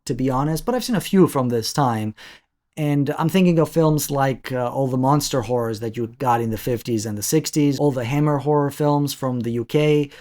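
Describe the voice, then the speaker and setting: A man's voice: medium pitch, a little mellow. A man giving an analytical video essay review of a classic film, talking thoughtfully with frequent restarts.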